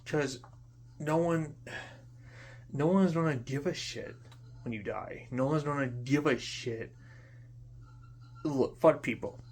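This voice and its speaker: A young man in an unscripted monologue, venting in frustration, swearing often, repeating himself and trailing off into quiet mutters. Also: medium pitch, slow pace, pauses often, a little hiss or hum. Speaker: vlogger.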